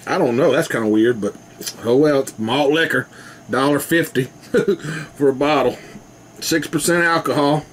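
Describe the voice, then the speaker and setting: Guy rambling on his home vlog, kinda high voice, a bit of hiss in the room. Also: unhurried. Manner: rambling, drawling, laughs often. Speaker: vlogger. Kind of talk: casual rambling video chat.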